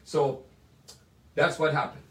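A man's voice: fairly high pitch, steady tone, slow, a bit bright, slight background noise. An older man from Jamaica with a Jamaican accent, telling rambling stories about his life as a jazz pianist, full of digressions and asides. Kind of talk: casual storytelling. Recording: roomy sound from a distant mic.

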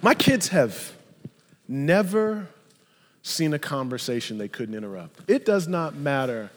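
A male pastor preaching a sermon with animated, emphatic storytelling. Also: on the high side, measured pace, in a large hall.

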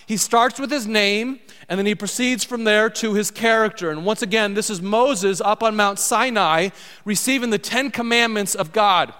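High-voiced preacher in a reverberant hall. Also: male voice, moderate pace, bright, forceful tone, smooth. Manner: conversational, asks the congregation questions. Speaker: pastor. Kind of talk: sermon.

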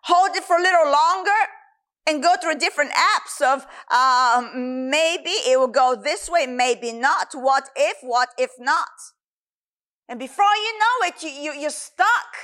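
A woman's voice: high-pitched, expressive, a little slow, pushed and bright. A woman preaching a sermon in an earnest, emphatic way.

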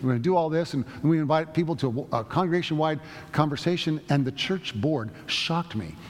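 A man's voice: on the high side, fairly quick. A man preaching a sermon, telling stories in a conversational way with frequent restarts. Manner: storytelling, conversational with many restarts. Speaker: pastor. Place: church sanctuary. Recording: long reverb of a church sanctuary.

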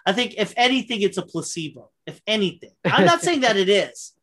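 A woman co-hosting a casual podcast chat, talking in an animated way with many fillers and restarts. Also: medium pitch, a little fast, a crowd in the background. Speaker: podcast co-host.

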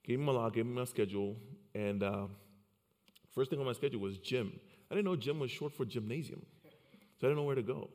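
A man's voice: mid-range voice, a little fast, darkish tone. A man in his forties from Liberia telling his personal story in an earnest way, often repeating words as he starts a thought. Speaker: speaker. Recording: long hall reverb.

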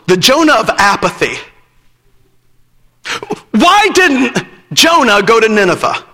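A man with a very high, sharp and bright voice preaches a sermon, hammering his points home by repeating phrases. The sound rings with a long echo from a church hall. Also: very animated, measured pace, long pauses. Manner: emphatic, repeats phrases, breaks into laughter.

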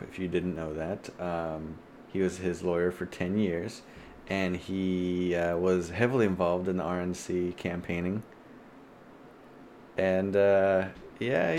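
A man's voice: deep voice, a little mellow, slight background noise. A man co-hosting a casual podcast over a video call, rambling with many fillers and restarts. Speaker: podcast co-host.

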